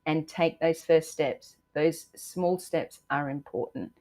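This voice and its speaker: A woman's voice: sits low, slow, darkish tone. A woman in her sixties with an Australian accent, hosting a live stream, encouraging viewers and answering comments with many ums and uhs. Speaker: livestream host.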